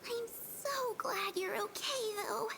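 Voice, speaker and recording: An actress voicing an anxious, caring teenage schoolgirl who pleads softly in a video game. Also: very high-pitched, slow, creaky, noisy background, heavily acted. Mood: worried. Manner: soft, pleading, worried.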